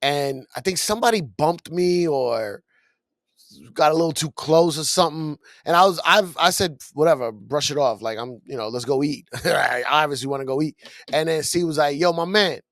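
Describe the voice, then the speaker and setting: A man tells a story on a podcast and acts out the lines of the people in it. His voice sits a little high, and he laughs as he goes. The studio mic is close and dry. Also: moderate pace, no echo. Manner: animated storyteller who acts out quotes, laughs often. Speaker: podcast co-host. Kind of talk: casual storytelling chat.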